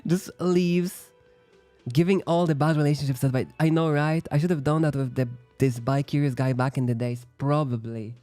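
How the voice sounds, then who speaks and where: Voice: medium pitch, steady tone, normal speed, dark tone, dry recording, faint music behind. A streamer giving casual, joking, chatty commentary while playing a game.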